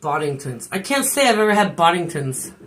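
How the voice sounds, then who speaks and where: This woman has a fairly low, very animated voice that is brisk and a bit bright. She chats and rambles on a kitchen live stream at home, joking and cursing with the people watching.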